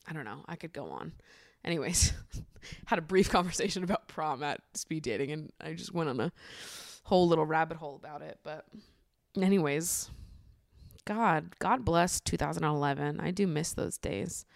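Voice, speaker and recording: A woman's voice: fairly low pitch, no room sound, clean studio sound. A woman in her late twenties hosting a podcast, talking casually on her own, laughing often and swearing freely. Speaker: podcast host. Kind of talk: casual solo podcast monologue.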